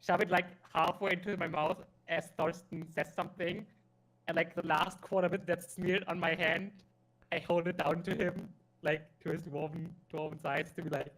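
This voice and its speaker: A man's voice: a little high, flat delivery, normal speed, fairly bright tone. A man with a non-native English accent playing a tabletop game, playful and giggly, grumbling in character. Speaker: player. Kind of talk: tabletop role-play.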